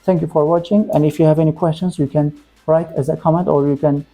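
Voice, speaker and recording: A man teaching English pronunciation, saying example words slowly and repeating them, with short, plain corrections. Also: fairly high pitch, steady tone, creaky, mellow, soft background music. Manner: simple, direct phrasing with plain corrections. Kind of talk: pronunciation lesson.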